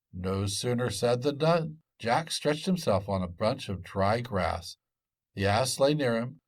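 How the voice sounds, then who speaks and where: Man, storyteller, folk tale narration, expressive, lively pitch, medium voice. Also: measured pace.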